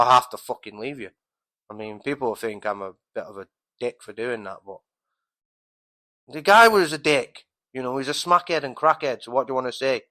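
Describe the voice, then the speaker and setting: A man's voice: mid-range voice, bright, forceful tone, poor audio. A man telling a rambling, swear-filled story at home as a podcast host, full of restarts and fillers. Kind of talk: casual storytelling monologue. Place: at home, by a window on a street.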